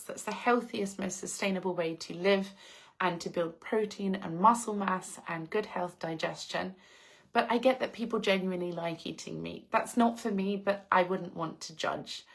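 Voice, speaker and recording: A woman's voice: medium pitch, creaky. Effusive English woman chatting live. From England. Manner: effusive, gushing, laughs often. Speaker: live-stream host reading viewer comments. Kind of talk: casual live chat.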